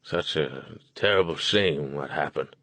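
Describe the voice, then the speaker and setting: A man voicing a gruff old small-town motel keeper. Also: very deep voice, measured pace, a bit bright, no room sound, pitched below the performer's own voice, full character voice. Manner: folksy rural speech, blunt. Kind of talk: audiobook character voice.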